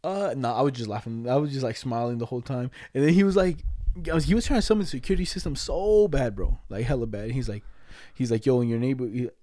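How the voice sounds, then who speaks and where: In casual chat, a young man tells a rambling, slang-heavy story full of cursing at a fast clip. His medium-pitched voice is dark and mellow, captured in a dry, close recording.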